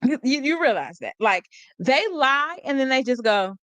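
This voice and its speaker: A woman's voice: fairly high pitch, lively intonation, takes it slowly, a bit bright, no echo. A woman hosting a live stream, talking about a court case in a casual, sarcastic way, laughing often and reading out chat comments. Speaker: livestream host.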